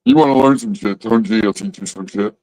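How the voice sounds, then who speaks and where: Low-voiced man swearing casually. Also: fairly quick, warm tone, poor audio. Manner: rambling and heavily profane. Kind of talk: casual chat.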